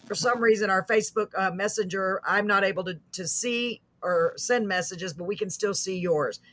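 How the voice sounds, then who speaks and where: Talk-show host lady on a video call, chatty and gushing, mid pitch. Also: moderate pace, fairly bright tone. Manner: chatty and effusive, laughs often. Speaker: host of a live online show. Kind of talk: casual live-stream chat.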